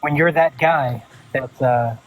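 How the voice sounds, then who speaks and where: A man's voice: mid-range voice, slow pace, rough recording. A man joining a livestream as a guest, chatting in a laid-back way and swearing casually. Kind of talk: casual chat.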